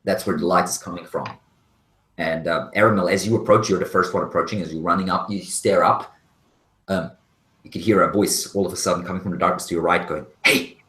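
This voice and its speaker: A man narrating a tabletop game as game master, describing scenes in a halting, detailed way. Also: sits low, fairly even intonation, a bit bright. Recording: roomy echo.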